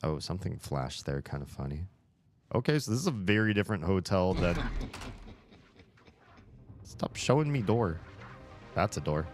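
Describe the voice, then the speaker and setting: A man's voice: deep voice, very animated, moderate pace, pauses often, faint music behind. A man playing a video game and commenting casually, with wry, chatty reactions. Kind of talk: casual let's-play commentary.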